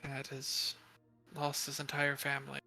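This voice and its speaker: A man quietly and politely speaking as his character in a tabletop game, measured and careful. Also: medium pitch, monotone, creaky, faint music behind. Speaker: player.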